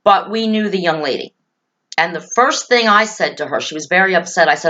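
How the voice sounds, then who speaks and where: A woman's voice: fairly low pitch, a little fast, pushed and bright. A woman hosting a talk show, speaking earnestly and emphatically to parents and children, repeating key phrases to reassure them. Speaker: host.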